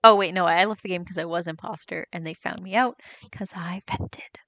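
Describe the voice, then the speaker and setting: A young woman from the United States, a streamer chatting casually, reading out chat and reacting with quick laughs. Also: on the low side, a bit bright, no echo, muffled recording. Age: young adult.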